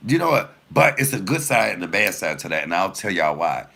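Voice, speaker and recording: A comedian man tells stories to his viewers in a lively, swooping voice that sits low and turns gravelly. His tone has a bright, forceful edge, and he swears freely as he talks. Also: brisk. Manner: animated, profane, laughing storyteller; addresses viewers directly. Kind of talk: casual storytelling to viewers.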